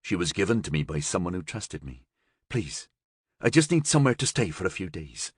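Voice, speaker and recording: A man's voice: low voice, big pitch swings, brisk, breathy edge, dry recording, clean studio sound, exaggerated voice. A man voicing an anxious young man on the run who answers in an evasive, pleading way.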